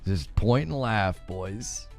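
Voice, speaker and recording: A man's voice: lowish voice, lively intonation, slow, creaky, a little mellow, soft background music. A man hosting a gaming news show, chatting casually and sarcastically, laughing often as he mocks online insults. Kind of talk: casual commentary.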